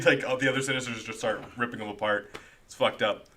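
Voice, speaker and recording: A man's voice: medium pitch, fast, pushed and bright. A man co-hosting a casual comic podcast, laughing often as he retells scenes and acts out lines. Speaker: podcast co-host. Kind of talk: casual chat recapping comics.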